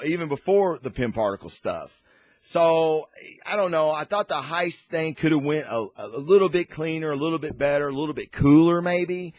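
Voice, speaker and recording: A man hosting a casual comic and movie review, rambling and excitable, with lots of fillers and restarts. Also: fairly high pitch, no room sound. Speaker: host.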